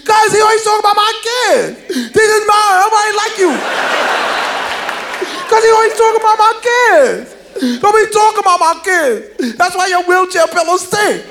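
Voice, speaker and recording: Defensive young mom, high and fast, scolding, voiced by a male comic, stand-up bit. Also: crowd noise, noisy background. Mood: indignant. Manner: indignant, rapid scolding. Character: young mother with many kids, defensive and quick-tempered.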